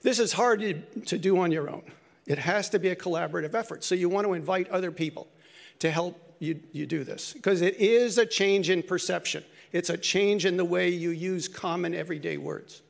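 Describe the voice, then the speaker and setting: High, gravelly older man giving a talk. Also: a little fast. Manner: earnest, reflective, self-correcting. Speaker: conference speaker. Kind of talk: lightning talk.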